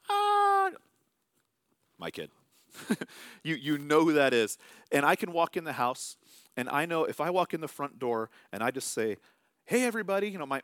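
A man's voice: mid-range voice, fairly bright tone, no echo. Conversational male pastor preaching, dry close sound. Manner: conversational, self-amused preaching with acted asides. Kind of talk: sermon.

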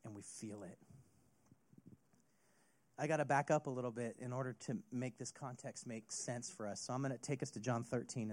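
A man preaching a sermon as a youth pastor, retelling a story with an expressive delivery. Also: medium pitch.

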